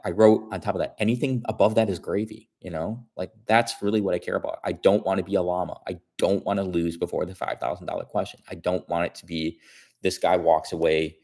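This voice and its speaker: A man casually telling a long story on his stream. He repeats himself and restarts his sentences often. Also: sits low. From Chicago area.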